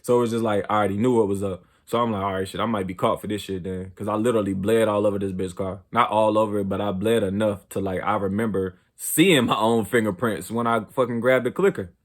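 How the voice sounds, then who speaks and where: A young man telling a story from his own life in casual, profane slang, often asking "you know what I'm saying". When he replays heated arguments his voice jumps higher and louder. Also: fairly even intonation, quick pace, few pauses. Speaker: storyteller host.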